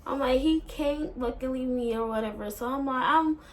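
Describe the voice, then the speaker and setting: A woman's voice: high voice, normal speed. A woman vlogger, telling a breakup story in a rambling, emotional way and swearing a lot. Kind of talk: casual storytime.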